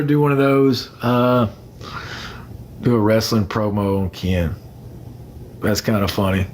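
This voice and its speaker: A man's voice: lowish voice, steady tone, unhurried, pauses often, darkish tone, slight background noise. A young man chatting casually on a phone livestream, rambling and greeting commenters by name.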